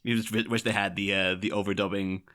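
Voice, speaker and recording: A man's voice: fairly low pitch, flat delivery, fast, a bit bright. A man co-hosting a podcast in casual chat, rambling through asides and laughing often. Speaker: podcast co-host.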